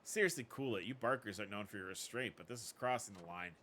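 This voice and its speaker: A man voicing a calm, steady male passerby who steps in to stop a harassment, speaking low and firmly. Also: fast, a little hiss or hum.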